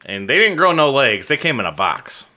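A man's voice: medium pitch, big pitch swings, moderate pace, sharp tone. A man in a casual chat, joking around and steering the talk along.

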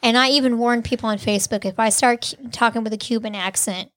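Podcast co-host, woman in her thirties, slightly high voice, animated and profane, laughs a lot. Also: fast talker. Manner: animated, swears freely, laughs often. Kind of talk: casual chat.

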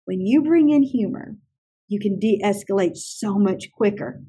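A woman who trains teachers, telling animated stories in an interview and acting out other people's lines. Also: medium pitch, a little slow, breathy edge. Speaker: teacher trainer and classroom consultant. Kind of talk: conversational interview storytelling.

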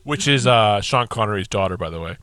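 A man trading jokes with his co-host, his voice bright and forward with a lively, swinging pitch. He teases and makes things up in easy banter. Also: a little fast, no room sound. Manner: joking, teasing. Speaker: podcast co-host. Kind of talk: casual chat.

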